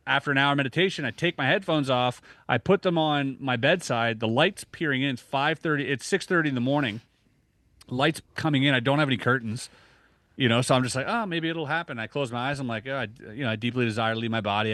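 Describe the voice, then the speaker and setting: A man in his thirties talks as a podcast guest, keeping his voice at a middling pitch. He tells a story in a casual, animated way, stumbling over restarts and acting out his own reactions. The sound is dry and close to the mic. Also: dry recording.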